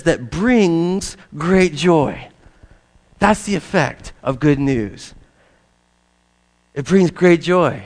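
A man preaching a sermon, telling a personal story in an animated way that swings from loud to hushed. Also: mid-range voice, poor audio. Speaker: pastor.

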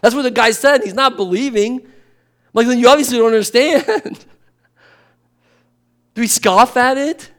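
A man's voice: very high voice, moderate pace, long pauses, a bit bright. A man preaching a sermon in a conversational way, acting out grumbling voices and sighing as he goes. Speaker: pastor.

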